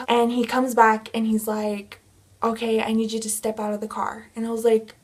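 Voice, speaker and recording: A woman's voice: on the high side, steady tone, moderate pace. A young woman vlogger animatedly retelling a personal story in a casual storytime, with many filler words.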